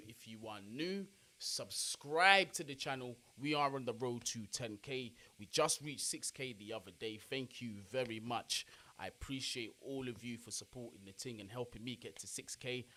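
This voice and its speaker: A young man, chatting casually on a football watch-along live stream and giving shout-outs to his chat. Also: mid-range voice.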